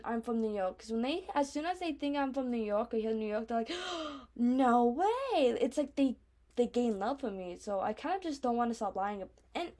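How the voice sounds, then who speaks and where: A woman's voice: on the high side, a little mellow. A young woman from Arizona with a speech impediment, telling personal stories in a casual, rambling vlog. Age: young adult. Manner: chatty, lots of "like" and restarts, acts out her own reactions. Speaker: vlogger.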